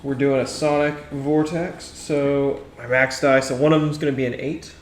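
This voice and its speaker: A man's voice: medium pitch, little pitch movement, normal speed, reverberant, slight background noise. A man playing in a tabletop game, talking through his moves and thinking aloud. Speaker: player. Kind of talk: casual tabletop play.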